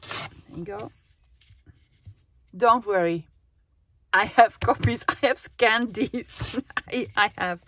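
A woman's voice: mid-range voice, slow pace, long pauses, a bit bright, dry recording. A woman chatting casually to her viewers and to herself while making a collage, laughing often. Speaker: craft vlogger. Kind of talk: casual crafting vlog chat. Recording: clear background noise with clicks.

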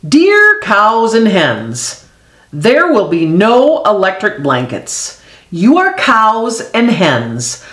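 A woman's voice: mid-range voice, a bit bright, full character voice. A woman voicing an exasperated middle-aged male farmer, exclaiming indignantly in a storybook reading. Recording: echoey room.

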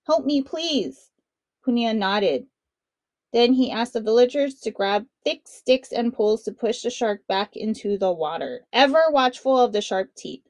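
Expressive woman reading a children's story. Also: on the high side, moderate pace, no echo. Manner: expressive, dramatic narration. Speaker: children's book reader. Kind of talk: read-aloud storytelling for children.

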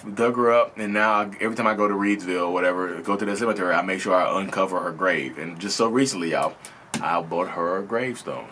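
This thirty-something video host has a low-pitched, sharp-toned voice and talks fast, with slight noise in the background. Casual and earnest, he rambles through his own story for his viewers, circling back to the same phrases.

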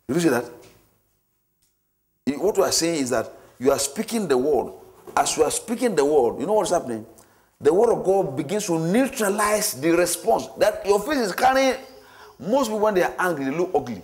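Guy teaching a church marriage class, kinda high voice, repeats stuff a lot and acts out little scenes. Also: fairly quick. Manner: repetitive, animated, acts out scenarios.

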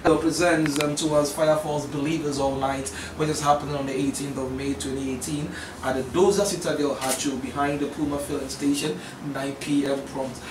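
A man's voice: on the high side, flat delivery, a little fast, hardly any pauses. Affirming male TV host, echoey distant audio. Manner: warm, affirming interjections. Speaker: TV show host. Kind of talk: interview. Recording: roomy audio from a distant mic with clear hiss.

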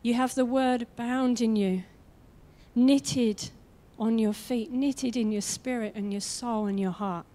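A young adult woman preaching a sermon in an energetic, conversational way, with quick asides, and she acts out the voices she quotes. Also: a little high. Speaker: guest preacher.

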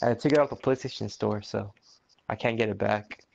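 A man chatting casually alongside a gameplay commentary, excitable and quick to laugh. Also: fairly low pitch, gravelly, highs cut off. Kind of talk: casual chat.

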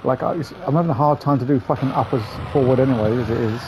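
A man's voice: medium pitch, fast. A man hosting a gaming channel, giving chatty, profane, grumbling let's-play commentary. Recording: game engine noise behind voice.

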